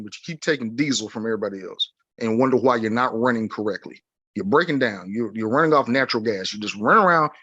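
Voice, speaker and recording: A man who works as a life coach, speaking on a casual podcast in an emphatic, preachy way, acting out imagined inner voices with big swings in pitch. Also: fairly bright tone, dry recording.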